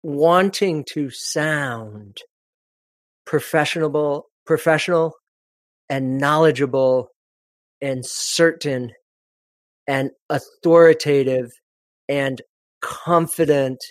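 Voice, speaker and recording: A man with a slightly high voice talks through presenting in an animated, expressive way, often restarting his sentences mid-thought. His voice is recorded dry and close, with no room sound around it. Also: slow, pauses often, no room sound. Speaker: presentation coach guest. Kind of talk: conversational podcast interview.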